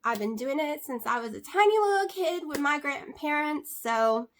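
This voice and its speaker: A high-pitched woman talks casually to her camera. She rambles warmly from one aside to the next, full of little fillers. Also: animated, normal speed, slight background noise. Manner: chatty, many fillers and asides. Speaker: vlogger.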